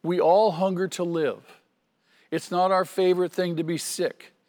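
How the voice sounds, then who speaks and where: A man's voice: high-pitched, flat delivery, measured pace, a little mellow, in a large hall. A man preaching a sermon as pastor, earnest and emphatic, repeating key phrases for stress.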